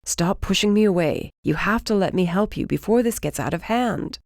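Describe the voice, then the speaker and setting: A woman voicing a rough-spoken young man who keeps his voice low and angry while he tends someone hurt. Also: expressive, normal speed, a little mellow, no room sound, clean studio sound. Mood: coaxing.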